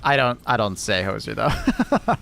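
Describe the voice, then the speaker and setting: A man's voice: lowish voice, sing-song, unhurried, vocal fry, bright, forceful tone. A British man streaming a game, chatting casually with his viewers, laughing often and swearing at the game. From Britain. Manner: laughing, swearing, reacting to chat. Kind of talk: casual livestream chat while gaming.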